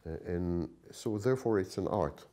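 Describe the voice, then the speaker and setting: A man with a lowish voice and a dark, mellow tone gives a long, lecturing answer in an interview. He pauses often and restarts his phrases as he builds his points. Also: animated. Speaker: interview guest.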